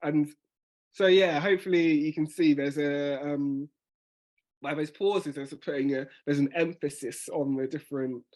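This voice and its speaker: Fast-talking man coaching spoken word. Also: on the high side, steady tone, a little mellow. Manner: fast talker with restarts. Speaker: spoken word workshop leader. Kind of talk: casual teaching on a video call.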